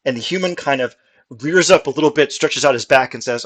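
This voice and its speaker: A man runs a tabletop game as game master, narrating scenes in a casual, chatty manner that is full of small fillers. His voice sits at a medium pitch. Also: fast talker, a bit bright.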